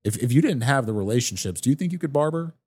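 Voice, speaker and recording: Man, podcast host, relaxed and sincere, easy laugh, casual interview in a barbershop. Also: medium pitch, slightly rough. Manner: laid-back and earnest, quick to laugh.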